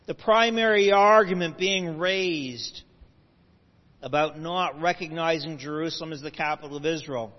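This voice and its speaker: A man with a high-pitched voice lectures a live audience, explaining patiently and breaking off for asides and self-corrections. His voice carries a long hall reverb, and the recording sounds muffled and lo-fi. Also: normal speed.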